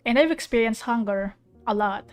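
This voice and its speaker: High-voiced young woman, effusive rambling chat. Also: moderate pace. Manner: rambling, effusive, emotional, with restarts. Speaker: vtuber streamer. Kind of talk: casual chat reacting to an anime. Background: soft piano music.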